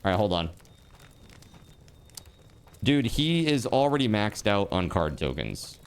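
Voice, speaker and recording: A man livestreaming and reading out donations in casual chat. He swears, says dude a lot, and bursts into laughter and shouting. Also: lowish voice, very animated, measured pace, clear, resonant tone. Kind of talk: live stream donation reading.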